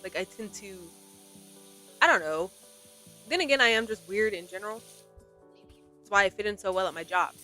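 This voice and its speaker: Young woman, bright forceful voice, rambling, self-deprecating, restarts a lot, faint music behind. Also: mid-range voice, lively intonation, moderate pace, pauses often. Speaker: gaming streamer. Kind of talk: casual rambling chat while playing.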